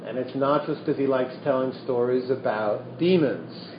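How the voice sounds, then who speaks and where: A man giving a dharma talk as a meditation teacher, telling a teaching story in an unhurried way with wry asides. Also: medium pitch, background noise. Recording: echoey room, dull lo-fi sound.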